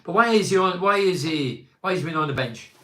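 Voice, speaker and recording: A middle-aged man hosting a football podcast, giving forceful opinions and reading out listener comments, repeating himself for emphasis. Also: high voice, expressive, a little fast, echoey room. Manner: emphatic and rhetorical, piles up repeated phrases.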